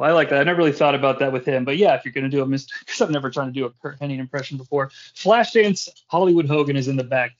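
A man hosting a casual podcast, recapping wrestling in an animated, joking way with casual swearing. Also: a little high. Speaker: podcast host. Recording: dull lo-fi podcast audio.

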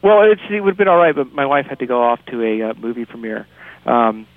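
A man's voice: mid-range voice, animated, quick pace, no room sound. A man hosting a podcast in casual chat, rambling and chuckling often. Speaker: podcast host. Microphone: phone. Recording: tinny phone line.

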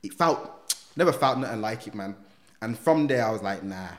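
A man, a guest in a podcast interview, telling his life story in street slang with lively quoted dialogue. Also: on the low side, moderate pace. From England. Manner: street slang, animated retelling with acted quotes. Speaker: guest, reformed gang member.

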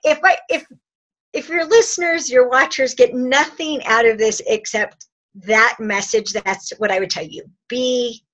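A woman's voice: fairly high pitch, a little slow, a bit bright, poor audio. A woman speaking as a relationship expert guest, chatting casually, laughing often and acting out short dialogues. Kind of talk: conversational advice. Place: indoor couch talk.

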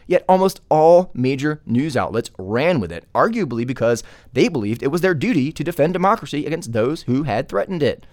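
A man's voice: fairly high pitch, no room sound. A man who is a journalist and podcast host, delivering opinion commentary emphatically, with many rhetorical questions.

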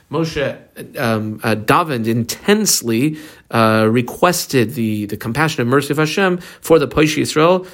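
Halting man teaching Talmud. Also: medium pitch. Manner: halting, many fillers, reads Hebrew phrases then explains. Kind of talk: Talmud lesson, reading and translating.

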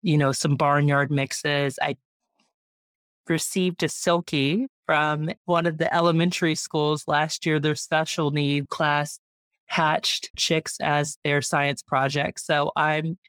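A woman in her thirties, a guest, chatting proudly and warmly about her homestead and her family. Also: low voice, flat delivery, slow, clean tone, no room sound, clean studio sound. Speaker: guest, urban homesteader and mom. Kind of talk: casual interview chat.

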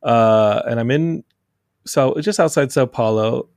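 Gravelly-voiced male podcast host, animated storyteller, dry recording. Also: medium pitch, unhurried, no echo. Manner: animated storyteller, acts out quotes. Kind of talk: casual chat.

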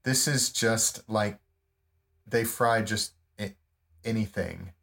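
Slow-talking, grumbling man player. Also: lowish voice, gravelly, a bit bright. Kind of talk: tabletop game play.

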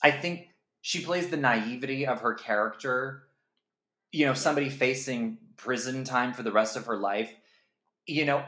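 A man co-hosting a podcast, talking through a film in a rambling, animated way with many fillers. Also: medium pitch, moderate pace. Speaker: podcast co-host. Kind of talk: casual film review chat. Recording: echoey room.

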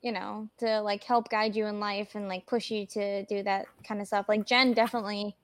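A woman's voice: medium pitch, flat delivery, a little fast, no echo. A woman co-hosting a casual podcast interview, rambling through her questions with lots of fillers. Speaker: podcast co-host.

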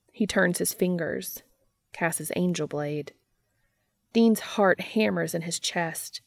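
A woman narrating a fan fiction story aloud in a steady, even storytelling manner. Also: lowish voice, dry recording, studio quality.

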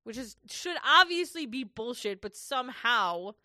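A woman's voice: on the high side, animated, unhurried, pushed and bright, no room sound, studio quality. A woman co-hosting a casual recap podcast, ranting, swearing and laughing as she goes. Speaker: podcast co-host.

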